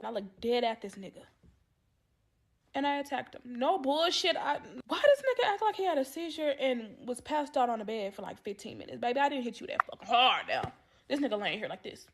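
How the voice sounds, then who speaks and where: A woman with a high voice tells a story on a podcast. She is profane and dramatic, and she acts out every line of dialogue. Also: big pitch swings, normal speed. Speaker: podcast co-host. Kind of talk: animated storytelling, casual chat.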